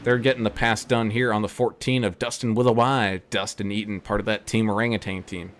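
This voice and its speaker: A man calling play-by-play for a sim race, who gets excitable at wrecks. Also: a little fast. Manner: excitable, jumps high at crashes. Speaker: race commentator. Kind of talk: play-by-play commentary.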